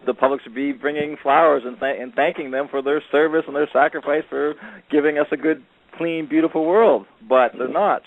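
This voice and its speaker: A man telling a rambling story in casual chat, with many fillers, acting out what others said. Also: mid-range voice. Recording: phone line call-in.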